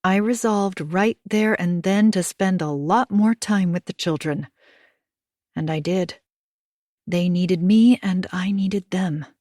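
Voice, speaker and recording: Woman, audiobook narrator, first-person, hushed and intimate, low voice, dry close sound. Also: no room sound. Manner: intimate and hushed, dropping to whispers at tense moments.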